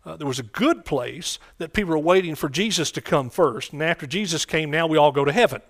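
A man's voice: a little high, fairly quick. A man preaching a sermon in a conversational way, often repeating phrases and asking the congregation questions.

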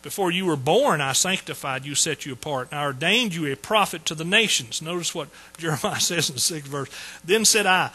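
A man's voice: fairly high pitch, lively intonation, brisk, few pauses, bright, forceful tone, slightly rough, low-quality recording. A man preaching a sermon in a folksy, joking way. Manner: folksy, joking asides to the congregation. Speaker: pastor.

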